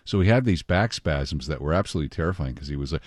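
Deep-voiced radio host. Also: male voice, lively intonation, quick pace, dry recording, clean studio sound. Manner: chatty, rambling, reads weather and news aloud. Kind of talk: casual morning radio chat.

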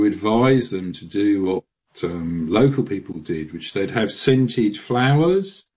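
A man answering callers as a radio guest, chatty, with lots of restarts and quick laughs. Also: fairly low pitch, darkish tone. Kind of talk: radio interview.

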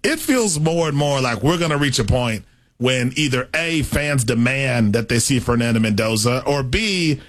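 A man's voice: mid-range voice, animated, moderate pace. A man co-hosting a sports talk show, giving opinionated takes and thinking aloud.

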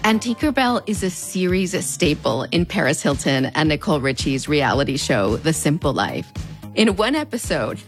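A woman's voice: big pitch swings, moderate pace, faint music behind. Wry Mexican American border-accent woman. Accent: Mexican American border (fronterizo). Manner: conversational and wry, with playful pitch swings. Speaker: host. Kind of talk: scripted pop-culture commentary.

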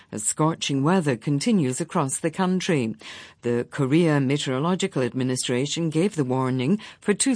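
A female newsreader reading a bulletin in a crisp, formal manner. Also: deep voice, darkish tone, no echo.

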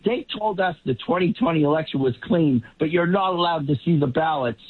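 A man's voice: a little high, expressive, a little fast, breathy edge. Male pundit, rambling and self-correcting, tinny line. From Boston area. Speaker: political commentator. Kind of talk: casual panel discussion.

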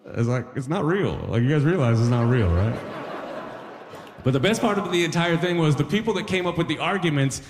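A man doing a stand-up comedy set, telling jokey stories with quick asides to the crowd. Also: on the high side, animated, noisy background. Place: live comedy stage in a hall. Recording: live stage recording with long hall reverb.

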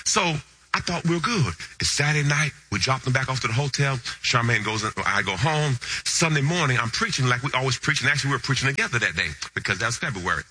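A man preaching, telling a funny story with animated, lively delivery that jumps between low asides and excited high shouts. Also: quick pace, a little hiss or hum. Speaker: pastor. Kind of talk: storytelling sermon.

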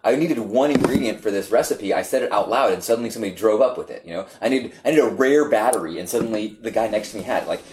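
A man telling a personal story in casual conversation, stumbling over restarts and growing animated as he recounts it. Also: lowish voice. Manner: halting, many restarts, animated retelling.

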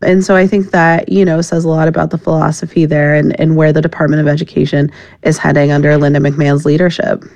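A woman's voice: deep voice, flat delivery, fast talker, creaky, darkish tone, dry recording. A woman reporter giving a conversational, explanatory answer in a radio interview, with some fillers.

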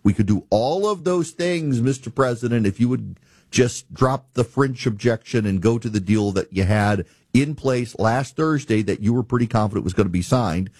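A man's voice: medium pitch, animated, moderate pace, a little mellow, husky, no echo, clean studio sound. A man hosting a talk radio show, giving emphatic, exasperated political commentary.

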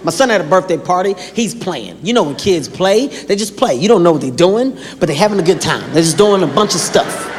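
A man telling stand-up stories on a comedy stage, animated, acting out voices and bursting into shouts. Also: sits high, a little fast, few pauses. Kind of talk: stand-up storytelling. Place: comedy stage before a live audience. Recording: echoey hall with a live crowd and noise.

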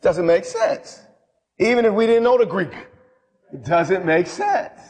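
An impassioned man preaching a sermon, with a somewhat high voice. He swings between hushed lines and loud ones, and a long hall reverb trails his words. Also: animated, measured pace. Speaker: bishop preaching.

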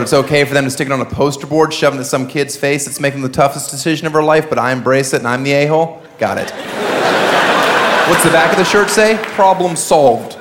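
A male stand-up comedian with a sarcastic, deadpan-then-loud delivery, performing live in a comedy club. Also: mid-range voice, heavy background noise. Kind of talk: stand-up routine. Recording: live club set with loud crowd laughter.

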